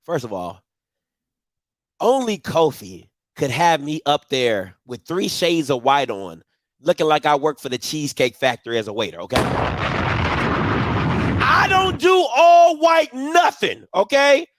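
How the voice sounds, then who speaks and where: A man, hosting a live show and telling a story in casual chat, animated and swinging from loud outbursts to low murmurs. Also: unhurried, no room sound. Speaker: podcast host.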